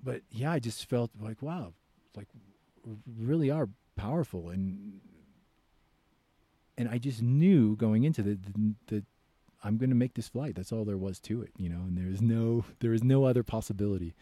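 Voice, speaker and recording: Brief: young American guy, low pitch, lively storyteller who acts out voices. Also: moderate pace, dry recording. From United States. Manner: animated storyteller, acts out quoted voices loudly. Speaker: podcast guest, author. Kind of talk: casual storytelling.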